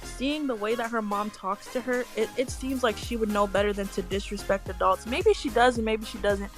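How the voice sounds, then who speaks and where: A woman's voice: fairly high pitch, fairly even intonation, moderate pace, soft background music. A young woman telling a heated story in casual chat, blunt and profane, acting out what people said. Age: young adult. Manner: blunt, profane, acts out quoted lines.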